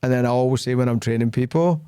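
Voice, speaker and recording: A man's voice: mid-range voice, quick pace, clear, resonant tone, no echo, clean studio sound. A middle-aged man with a Glaswegian Scottish accent, hosting a casual podcast and acting out dialogue as he tells stories. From Glasgow, Scotland. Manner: animated storyteller acting out dialogue. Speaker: podcast host, sales leader.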